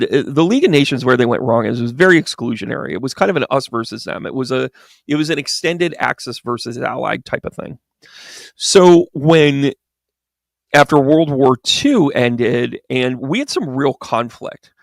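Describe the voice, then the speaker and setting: A man's voice: mid-range voice, creaky, no room sound, studio quality. A man co-hosting a livestream who rambles through casual commentary with a sarcastic, digressive, conversational manner. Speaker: livestream co-host.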